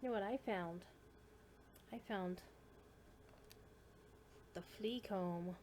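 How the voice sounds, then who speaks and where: While her game loads, a woman streaming gameplay chats casually and coos in baby talk at her kitten between remarks about the game. Her voice is medium-pitched, slow and darkish, with faint background noise behind it.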